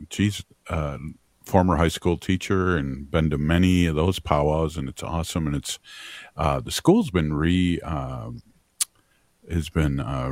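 A man co-hosting a community radio show, talking casually and haltingly with many fillers. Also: very deep voice, a little mellow, no echo. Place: radio studio. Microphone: studio mic.

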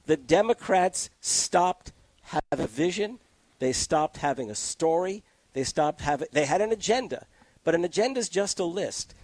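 A man's voice: fairly high pitch, no echo. A man arguing his case with energy in a casual political discussion, close to a studio mic. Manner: animated, argumentative, quick to laugh. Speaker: political commentator guest.

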